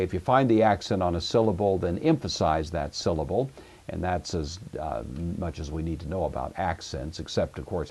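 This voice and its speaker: Deep-voiced man teaching a lesson. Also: mellow, husky. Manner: measured, explanatory, frequent "uh" fillers. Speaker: Greek teacher. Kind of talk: recorded course lecture.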